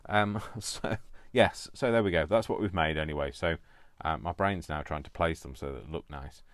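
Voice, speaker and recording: A man's voice: a bass voice, normal speed, no echo. A man hosting a crafting video, chatting casually as he works, talking to himself and poking fun at himself, prone to fits of giggling. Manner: talks to himself while working, rambling and self-mocking. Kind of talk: casual crafting vlog narration.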